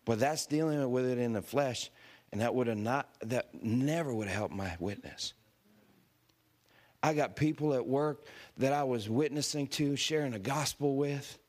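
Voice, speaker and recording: Male preacher in his usual pitch, lively storyteller who laughs and acts out voices. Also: normal speed. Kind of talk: storytelling sermon.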